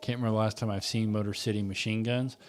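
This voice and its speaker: A man's voice: on the low side, steady tone, quick pace, a little mellow, faint music behind. A man hosting a live wrestling watch-along, chatting and joking as he reacts to the show. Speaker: wrestling stream host.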